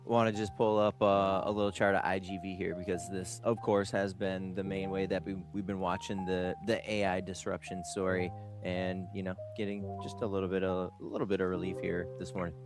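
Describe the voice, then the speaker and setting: Deep-voiced male show co-host. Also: level tone, fairly quick, few pauses, music in the background. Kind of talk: casual live show chat.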